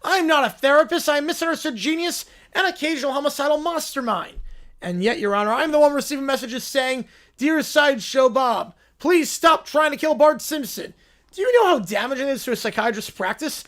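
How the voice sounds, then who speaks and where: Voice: high-pitched, lively intonation, a little fast, a bit bright. Theatrical adult male villain, done by a reader, pompous and wounded. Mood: indignant. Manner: grandiose, theatrical, aggrieved.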